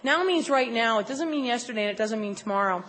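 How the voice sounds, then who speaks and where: Woman, recovery meeting speaker, animated, fairly high voice, echoey convention hall. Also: quick pace. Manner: animated, acts out her own inner voice. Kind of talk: personal testimony talk.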